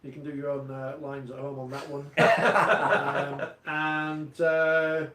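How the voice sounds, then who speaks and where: A man's voice: fairly high pitch, monotone, slow pace, far from the mic, crowd noise. A male presenter in casual studio banter, chuckling as he reads listener reviews aloud. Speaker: show presenter. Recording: echoey studio with faint ambience.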